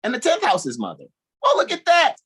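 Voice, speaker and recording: A man with a husky, slightly breathy voice talks astrology over a video call. His pitch leaps and swoops as he explains. He speaks in a loose, animated way, often laughing. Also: brisk. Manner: animated, laughing, thinking aloud. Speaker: astrology co-host. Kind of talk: casual astrology talk.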